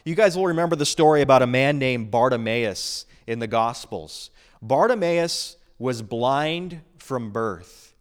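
A man's voice: mid-range voice, lively intonation, unhurried. A man preaching a sermon as pastor, earnest and emphatic, building up and easing off in intensity.

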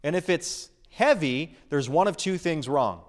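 A man's voice: a little high, lively intonation, unhurried. A man preaching a sermon as pastor, earnest and emphatic, building up and easing off in intensity.

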